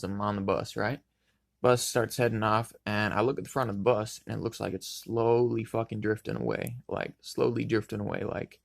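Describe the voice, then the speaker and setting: Gravelly young man telling a story. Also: lowish voice. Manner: laid-back, profane, rambling. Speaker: vlogger. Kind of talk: casual storytelling.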